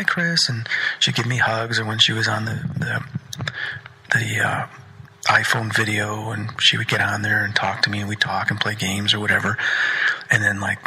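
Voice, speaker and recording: Podcast host, male, very raspy and sharp-edged tone, earnest monologue that slips into near-whispers. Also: fairly low pitch, poor audio. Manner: earnest, often drops into a breathy near-whisper. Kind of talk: personal storytelling monologue.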